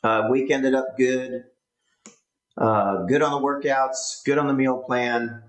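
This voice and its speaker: A man co-hosting a podcast, talking in a relaxed, halting way with many fillers. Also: medium pitch. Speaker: podcast co-host. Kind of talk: casual chat. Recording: roomy echo.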